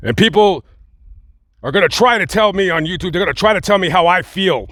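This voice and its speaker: A man hosting a heated commentary video, blunt and emphatic, speaking angrily with halting restarts. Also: high-pitched, lively intonation, fairly bright tone, no echo. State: angry and upset. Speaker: YouTube commentary host. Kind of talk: heated direct-to-camera commentary.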